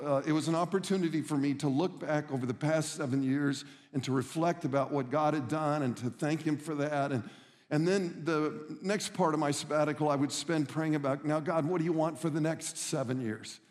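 Middle-aged male pastor, earnest storyteller, slightly high voice, long hall reverb. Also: a little mellow. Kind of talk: sermon.

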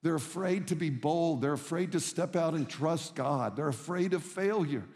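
Earnest preaching pastor, fairly high voice. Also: male voice, normal speed, a little mellow, big-room sound. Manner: storytelling, earnest and emphatic. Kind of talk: sermon.

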